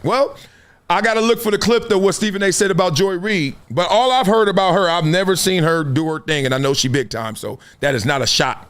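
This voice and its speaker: A man's voice: high-pitched, expressive, brisk, a bit bright. A middle-aged man hosting a live sports talk stream from home, reacting to chat with emphatic build-ups and frequent laughs. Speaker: host of a sports talk livestream. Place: home studio.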